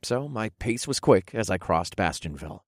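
Expressive low-voiced male audiobook narrator. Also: normal speed, no room sound, studio quality. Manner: expressive storytelling, softening for intimate moments. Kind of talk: first-person fantasy audiobook narration.

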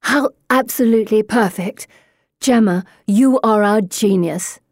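A woman's voice: medium pitch, measured pace, dry recording, studio quality, lightly acted. A woman voicing a bold, imperious young woman who leads her friends with commanding, scornful declarations. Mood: exultant.

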